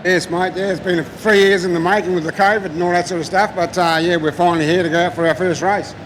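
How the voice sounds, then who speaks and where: A laid-back Australian race driver giving a casual trackside interview, with frequent hesitations. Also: male voice, high-pitched, steady tone, quick pace, a bit bright, slight background noise, low-quality recording.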